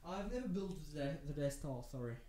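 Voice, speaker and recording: A man's voice: on the high side, big pitch swings, fairly quick, warm tone. A man with a French accent, a native French speaker, chatting casually with viewers on a live stream while he builds, rambling and hesitant. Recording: echoey room with faint noise.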